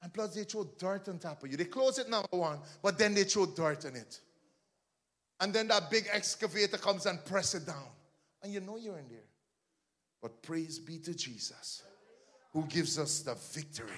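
A male pastor preaching with fervor, his high, bright voice leaping across a huge range. He swings from rising shouted refrains to teasing asides to the congregation. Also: lively intonation, normal speed. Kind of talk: preaching a sermon.

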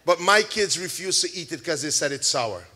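A man preaching a sermon to a congregation, shouting key words, drawing out call-and-response and mixing in chatty everyday examples. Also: a little high, animated, normal speed. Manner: homely store examples, chatty asides. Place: church service with a congregation.

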